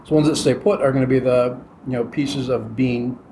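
A man's voice: mid-range voice, steady tone, normal speed, warm tone, slight background noise, low-quality recording. A man who makes chocolate, talking casually on a podcast and explaining the tasting steps plainly. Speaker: chocolate maker guest.

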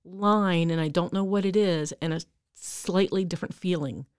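A woman's voice: fairly low pitch, moderate pace, clear, resonant tone, no room sound, clean studio sound. A woman co-hosting a casual chat, candid and reflective, often laughing as she talks. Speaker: podcast co-host.

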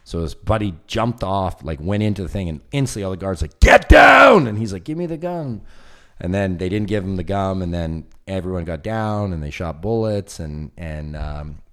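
A man with a very low, deep voice chatting casually. He tells long stories with lively energy and slips into the voices of the people he quotes. The talk is loose and conversational. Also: brisk, few pauses, clear, resonant tone, shouting. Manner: animated storyteller, acts out quoted voices. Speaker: film producer guest. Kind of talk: casual chat.

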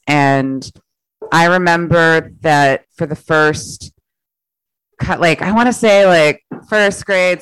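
Chatty woman telling stories, smooth dry voice. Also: low voice, no echo, rough recording. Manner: chatty, laughs often, quotes herself in animated voices. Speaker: comedian guest. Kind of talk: casual interview storytelling.

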